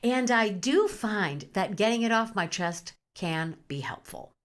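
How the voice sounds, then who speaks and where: Sassy animated woman podcast host. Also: mid-range voice, unhurried. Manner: playful, sassy, profane, with pet names. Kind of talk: comedic spiritual monologue.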